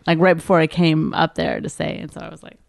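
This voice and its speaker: Woman comedian, gravelly lowish voice, animated storytelling, quotes people, dry close sound. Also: quick pace, dry recording. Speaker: stand-up comedian. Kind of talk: casual storytelling chat.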